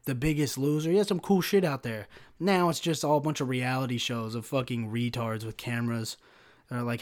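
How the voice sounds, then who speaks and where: A man's voice: medium pitch, steady tone, brisk. A young man hosting a solo podcast rant, profane and sarcastic, constantly saying "bro" and "like". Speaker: podcast host.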